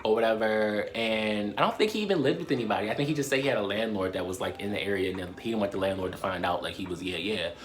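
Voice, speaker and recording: A young man from Baltimore with a Baltimore accent, telling a personal story to camera in a lively, profane way and addressing viewers as "y'all". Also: lowish voice, fast talker, few pauses. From Baltimore, USA. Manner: animated, swears a lot, laughs often, addresses viewers as "y'all". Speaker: storytime vlogger.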